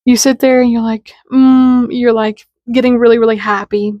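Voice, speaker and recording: A spiritual content creator with a higher voice talks casually to camera, chatty and slangy, with lots of "like" fillers and little dialogues acted out in quotes. Her delivery is flat and fairly quick, with no room sound and the highs cut off.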